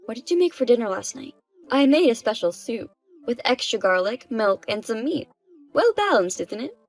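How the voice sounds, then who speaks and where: A woman's voice: a little high, very animated, moderate pace, faint music behind. Woman voicing a bossy, scolding mother-in-law. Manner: bossy, condescending lecturing.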